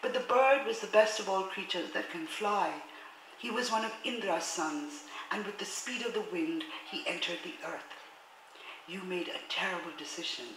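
A woman giving a public lecture, reading passages aloud in a measured, formal way and speaking hesitantly, with many fillers, between them. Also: on the low side, background noise. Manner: measured, formal read-aloud delivery of translated text. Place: lecture hall. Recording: roomy hall echo, faint ambience.

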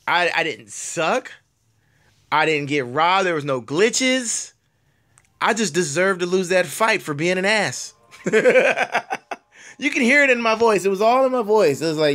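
A man in his thirties with a hoarse voice, chatting casually and laughing at himself while commenting on a mobile game at home. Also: fairly high pitch, lively intonation, moderate pace, sharp tone.

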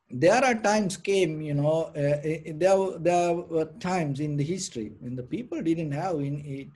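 Soft, husky-voiced man teaching meditation. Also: fairly high pitch. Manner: rambling, many restarts and "you know" fillers. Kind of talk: informal dharma talk.

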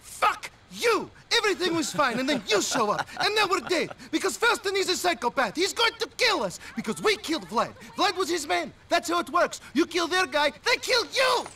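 An actor playing the hero's jumpy, paranoid cousin in a game, talking frantically and whining. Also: male voice, extremely high pitch, big pitch swings, fairly quick, hardly any pauses, pushed and bright, a little hiss or hum, full character voice. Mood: frantic. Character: jumpy, paranoid cousin, young-ish man. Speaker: cousin of the hero.

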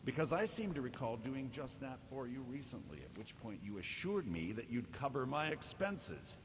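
A man voicing a sardonic dark elf mage in a video game, dry, sarcastic and pointed. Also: medium pitch, sing-song, moderate pace, in a large hall, slight background noise, lightly acted.

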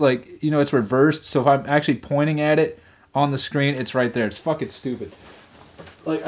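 A young man venting on camera at home, swearing constantly as he rants about his week. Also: fairly high pitch. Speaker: vlog host. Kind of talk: profane ranting monologue.

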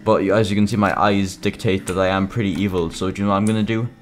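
A man's voice: low voice, fairly even intonation, fast talker, soft background music, lightly acted. A man voicing a boastful evil old animatronic bear in a game video, rambling about his plans.

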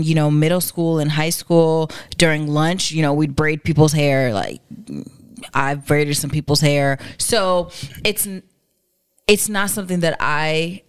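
A woman's voice: deep voice, clear, resonant tone, dry recording. A woman in her thirties from Massachusetts, with a Worcester accent, co-hosting a podcast in casual chat and thinking aloud with many restarts. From Massachusetts, United States. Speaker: podcast co-host. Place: home.

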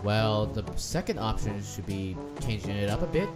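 A man's voice: fairly low pitch, lively intonation, moderate pace, loud music behind the voice. A man hosting a gaming channel, giving crude, joking commentary over gameplay with plenty of swearing. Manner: joking, swearing, bursts into shouts and laughs.

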